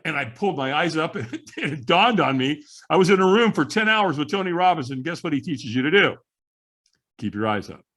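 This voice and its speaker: Male guest, lively storyteller with a slightly husky voice and a higher-than-usual pitch. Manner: animated storyteller, acts out quoted voices. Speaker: podcast guest. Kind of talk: storytelling in casual interview.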